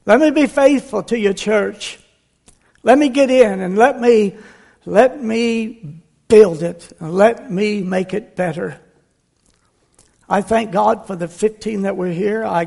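A male pastor preaching a sermon to his congregation, fervent and emphatic, drawing out key phrases, then dropping to a softer, confiding tone. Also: high voice, creaky. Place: church sanctuary. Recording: church hall reverb with soft music.

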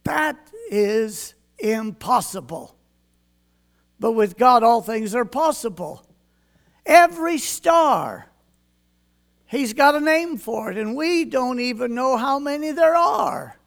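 An older man preaching a folksy sermon in a high voice, reading scripture in a King James cadence. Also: expressive, takes it slowly, creaky, pauses often.

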